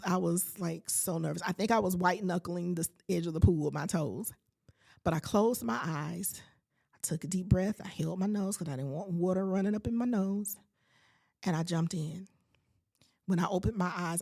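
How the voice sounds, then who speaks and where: A woman in her late forties, hosting a podcast, has a medium-pitched, slightly mellow voice touched with vocal fry. She narrates a personal experience with asides about her faith, acting out her responses along the way.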